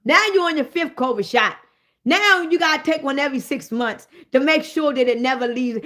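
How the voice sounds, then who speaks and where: A woman, hosting a livestream and ranting in a loud, profane, animated way. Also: sits high, moderate pace. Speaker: livestream host.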